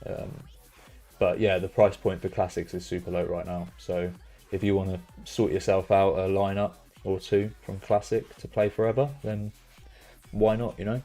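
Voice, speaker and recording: A young British man chatting casually on a live stream, reacting loudly to results and bursting into cheers and swearing. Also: low voice, little pitch movement, moderate pace, soft background music. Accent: British English. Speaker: streamer hosting a fantasy football stream. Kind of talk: casual live-stream chat, reading out chat messages.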